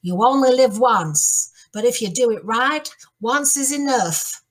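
A woman doing an impression of a witty 1930s American film star, slow and drawn out. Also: fairly high pitch, lively intonation. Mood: sultry.

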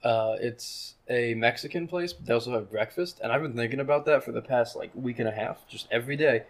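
A man's voice: mid-range voice, a little fast. A young man co-hosting a podcast, telling loose stories and swearing casually. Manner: laid-back storyteller, swears casually. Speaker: podcast co-host.

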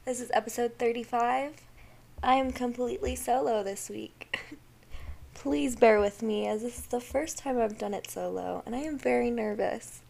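A woman's voice: fairly high pitch, gravelly, a little mellow. A young woman hosting a solo podcast, chatting candidly with frequent swearing and laughs. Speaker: podcast host. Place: at home, fireworks outside.

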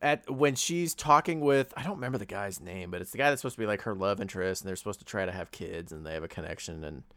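A man casually talking through a movie's plot, animated and quoting the characters as he retells scenes. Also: sits low, fast, hardly any pauses, no room sound. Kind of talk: casual movie review chat.

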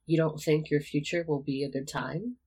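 Bold, teasing schoolboy wizard with a dry wit and a husky edge, read by a storyteller. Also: mid-range voice, steady tone, moderate pace, warm tone.

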